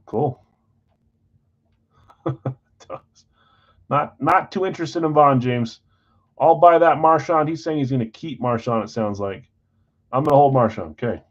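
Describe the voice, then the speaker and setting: A man's voice: mid-range voice, muffled recording. Chatty man hosting a live stream. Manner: casual, scattered, self-deprecating, reads off buyers' names. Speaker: card break host. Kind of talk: live-stream chat running trades.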